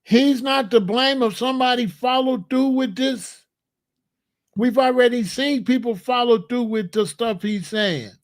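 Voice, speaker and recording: Emphatic high-voiced man ranting. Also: unhurried. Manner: emphatic, repetitive, incredulous rhetorical questions. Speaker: commentary channel host. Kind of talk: solo political commentary rant.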